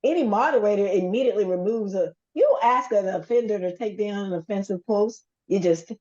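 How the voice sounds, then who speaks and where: On a lo-fi recording, a woman of medium pitch talks fairly fast as a podcast host. Her casual conversation turns into animated storytelling where she acts out quotes and swears without holding back.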